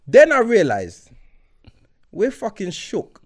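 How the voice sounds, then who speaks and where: A man's voice: on the high side, very animated, moderate pace. A man, co-hosting a podcast, telling a story in casual chat and acting out both sides of it. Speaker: podcast co-host.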